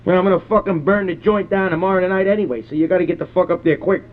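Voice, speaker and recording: A man's voice: sits high, quick pace, natural voice. A man voicing a crude, hot-tempered, foul-mouthed middle-aged rural man who rambles and curses nonstop in a prank call. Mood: gruff, ranting. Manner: rambling, cursing constantly, belligerent. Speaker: prank caller. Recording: phone-line prank call recording.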